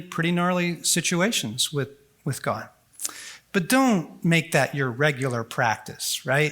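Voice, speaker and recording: A man speaking at a conference on faith, animated and folksy, full of quick asides and acted-out prayers. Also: on the high side. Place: large conference hall.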